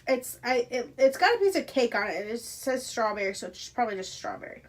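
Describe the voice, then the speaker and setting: A woman unboxing items at home in a casual, gushing way, often dropping to breathy whispers. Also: on the high side, a little slow. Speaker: unboxing vlogger. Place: carpeted room at home.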